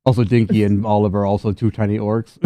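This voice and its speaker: A man's voice: on the low side, level tone, fast, dark tone, no room sound. A man running a tabletop game, laughing often and voicing slangy street characters in loose, profane chat. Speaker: game master.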